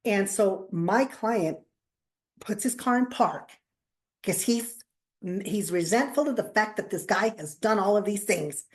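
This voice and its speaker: Woman telling lively anecdotes. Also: medium pitch, unhurried. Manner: animated storyteller, acts out quotes, laughs often. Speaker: podcast co-host, counselor. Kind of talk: casual chat, storytelling.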